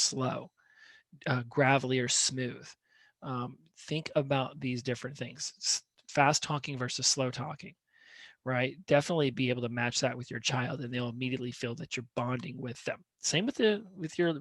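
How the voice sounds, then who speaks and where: A man gives a conversational lesson on communication, checking in with the listener now and then. His voice sits in an ordinary middle pitch. It is recorded close up, with a dry, dead sound. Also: fairly bright tone, no room sound. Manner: conversational, peppers points with "right?". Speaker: communication coach. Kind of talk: instructional talk to camera.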